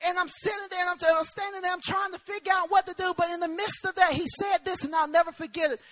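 Preacher, male, very high bright voice, emphatic storyteller, dry close sound. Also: steady tone, fast, no room sound. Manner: emphatic storytelling, calls of amen. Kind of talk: sermon with personal story.

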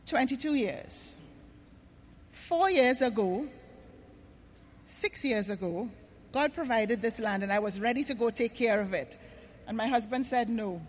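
A woman from Trinidad and Tobago gives an earnest stage address to a huge arena crowd, slowing down to stress key words. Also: fairly high pitch, husky. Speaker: conference speaker. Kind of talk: stage address on faith and creation care. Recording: long reverb of a large arena.

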